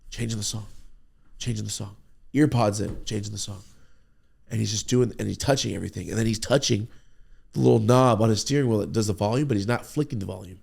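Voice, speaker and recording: Man, husky voice, lower pitch, animated profane storytelling. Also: quick pace. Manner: profane, excitable, acts out his own reactions. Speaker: podcast host telling a story.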